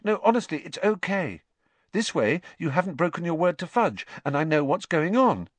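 A man voicing an earnest teenage boy wizard, pitching his voice a little higher. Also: big pitch swings, moderate pace, no room sound.

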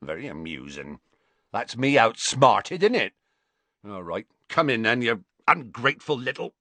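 A huge, gruff, grumpy half-giant gamekeeper, voiced by a male storyteller, who growls, sulks and roars in an audiobook. His lines leap far above the reader's deep voice when he bellows. The sound is dry and close. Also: lively intonation, a little slow, bright, forceful tone, dry recording, heavily acted. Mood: sarcastic. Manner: growling, roaring and sulky by turns.

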